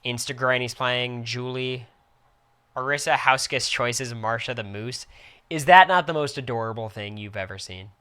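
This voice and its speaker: Young male streamer, bright and crisp, casual reactive commentary. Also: mid-range voice. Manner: quick, reactive play-by-play with excited outbursts.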